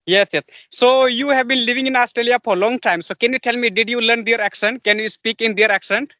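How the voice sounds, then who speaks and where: A man's voice: very high voice, steady tone, a little fast, bright, forceful tone, no room sound. A man learning English, talking hesitantly in a casual chat with many fillers. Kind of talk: casual conversation. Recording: dull, dry call audio.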